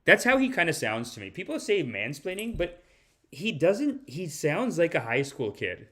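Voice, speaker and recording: A man's voice: a little high, normal speed. A man hosting a podcast, giving casual comedic commentary and mocking the news he reacts to. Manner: animated, mocking, breaks into impressions. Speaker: podcast host.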